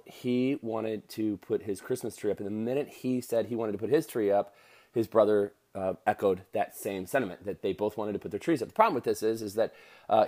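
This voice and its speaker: Guy in his 30s talking quick and loose, lots of uh's, motivational podcast vibe. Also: lowish voice, a little mellow. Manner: rambling, fast, with many fillers and restarts. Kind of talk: casual motivational monologue.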